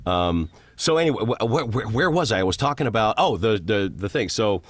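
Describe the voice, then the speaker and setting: A middle-aged man, a voice actor, rambling through long show-business stories and breaking into quick voices. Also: lowish voice. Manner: rambling, animated, jumps into character voices. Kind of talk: storytelling interview guest.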